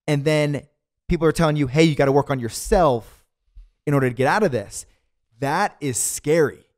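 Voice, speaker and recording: A man hosting a podcast interview, talking in a casual, slangy, animated way. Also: a little high, normal speed. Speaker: podcast host.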